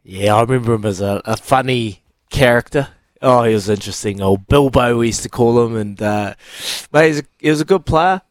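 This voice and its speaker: A man's voice: mid-range voice, no room sound. A man with a New Zealand accent, co-hosting breakfast radio in an earnest, supportive way. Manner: earnest, supportive, brisk when reading out details. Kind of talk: casual radio chat.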